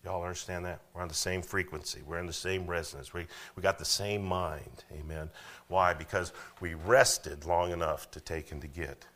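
A man's voice: sits low, steady tone, moderate pace, a bit bright. A man preaching a sermon as pastor, conversational, often checking in with "okay?". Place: church.

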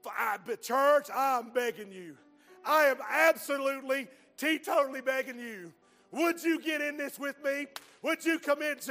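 Male preacher, very high voice, hushed stories breaking into shouting, long hall reverb. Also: moderate pace, soft background music. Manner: swings from hushed storytelling to shouted exhortation. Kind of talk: sermon. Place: church sanctuary.

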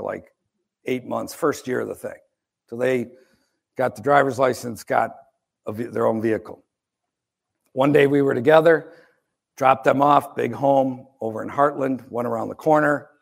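A man's voice: medium pitch, moderate pace, gravelly. A middle-aged man, a pastor from the United States, preaching a sermon in a conversational, wry storytelling way with asides.

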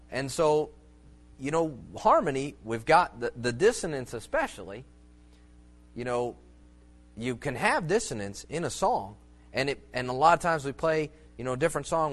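A preacher gives an informal, sermon-style talk teaching about church music, folksy and rambling, full of fillers and restarts and leaning on homely illustrations. His voice is mid-range.

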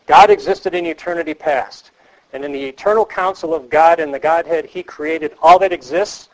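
A man's voice: fairly high pitch, fairly quick, low-quality recording. A man giving a teaching lecture to counselors, earnest and emphatic, repeating key phrases and asking the class questions. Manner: asks the class rhetorical questions.

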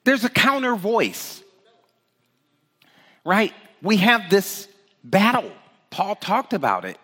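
A man preaching an informal sermon, emphatic and conversational, often checking in with the listeners with a quick "right?". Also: high-pitched, big-room sound. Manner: animated, emphatic, rhetorical "right?" asides.

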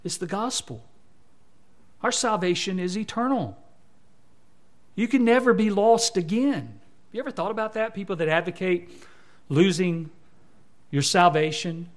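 A man preaches an expository sermon in a slightly high voice. He talks easily with his congregation, with asides, and then presses his points with rising fervor. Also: unhurried, pauses often. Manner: rises to fervent emphasis, conversational asides. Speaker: pastor.

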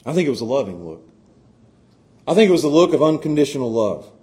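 A middle-aged male pastor preaching a sermon, moving from hushed, tender passages to loud, impassioned ones and often stammering on his restarts. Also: medium pitch, big pitch swings, fast.

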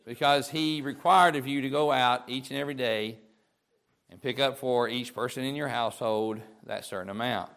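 A man's voice: mid-range voice, fairly even intonation, normal speed, vocal fry, fairly bright tone. A man delivering a homespun sermon, talking to his listeners as if across a kitchen table. He circles back, stumbling over repeated words as he gathers a thought, in a mid-range voice with an ordinary pace. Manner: folksy, conversational, repeats words when restarting. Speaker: preacher. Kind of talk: informal sermon.

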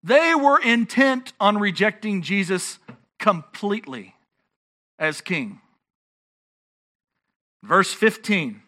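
A man's voice: sits high, sing-song, slow, pauses often, bright, forceful tone. A man preaching a sermon as pastor, earnest and emphatic, often restarting his phrases.

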